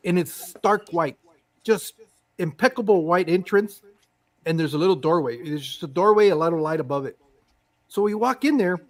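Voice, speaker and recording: A man in his fifties telling a story in casual chat. He is animated, acts out the voices of the people in it, and swears casually. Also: high-pitched. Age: 50s.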